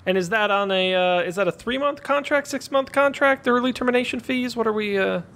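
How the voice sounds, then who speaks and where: A man's voice: very high voice, brisk, fairly bright tone, pitched above the performer's own voice. A man voicing a pompous, self-important wealthy patron in a tabletop game, rambling and hesitant. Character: pompous wealthy male patron, smooth-talking.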